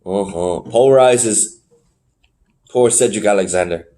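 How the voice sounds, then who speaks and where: A man co-hosting a podcast, recapping wrestling shows in casual chat, animated and swearing freely. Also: measured pace. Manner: animated, swearing, jumps in pitch when surprised. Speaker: podcast co-host.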